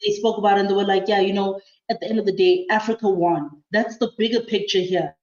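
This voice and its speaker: Relaxed woman in a roomy lo-fi room. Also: medium pitch, fast talker. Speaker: podcast guest. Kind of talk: casual sports chat. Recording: roomy, dull lo-fi sound.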